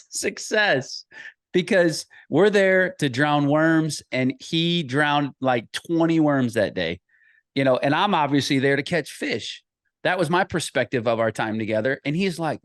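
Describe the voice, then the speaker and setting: A man in his thirties speaks at a mid-range pitch, earnest and conversational as he shares a personal story. His delivery gets animated during the story and is full of small restarts. The sound is close and dry. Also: normal speed, no room sound. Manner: earnest, animated when telling stories, frequent restarts. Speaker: associate pastor and author.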